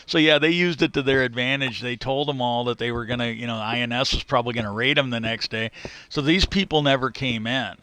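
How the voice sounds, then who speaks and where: A man's voice: medium pitch, fairly even intonation, fairly quick, pushed and bright, clean tone. A middle-aged man streaming and telling a casual work story, swearing freely and chuckling as he restarts his sentences. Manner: profane, chuckles mid-sentence, restarts often. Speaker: livestreamer. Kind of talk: casual storytelling while gaming.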